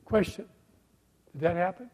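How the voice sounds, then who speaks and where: A middle-aged man preaching a sermon, asking the congregation rhetorical questions and dropping from loud emphasis to a hushed voice. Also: high voice, animated, normal speed, low-quality recording. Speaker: pastor.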